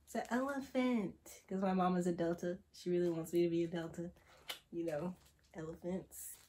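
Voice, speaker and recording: A teenage girl unboxing gifts in a casual vlog, excitable and gushing, swinging from loud exclamations to hushed gasps with slangy chatter. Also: lowish voice, moderate pace, a little hiss or hum. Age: teens. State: tearful at moments. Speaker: vlogger.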